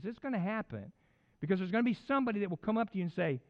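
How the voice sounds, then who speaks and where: A middle-aged man preaching a sermon, animated and conversational, with folksy asides. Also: sits high, racing. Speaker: pastor. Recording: dull lo-fi sound.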